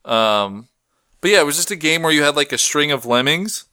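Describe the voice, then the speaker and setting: A man's voice: a little high, animated, pushed and bright, clear, resonant tone, dry recording. A man co-hosting a casual podcast, joking around and riffing playfully. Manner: playful, jokey, swearing, quick riffs. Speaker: co-host.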